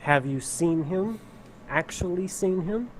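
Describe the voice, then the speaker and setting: A man playing a tabletop game, asking questions in a deliberate way. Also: high voice, expressive, slight background noise, poor audio. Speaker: player.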